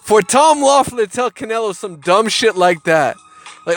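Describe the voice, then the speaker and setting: A man's voice: high-pitched, very animated, moderate pace, soft background music. A man giving heated, profane boxing commentary, often repeating words as he gets worked up. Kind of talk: casual ranting commentary.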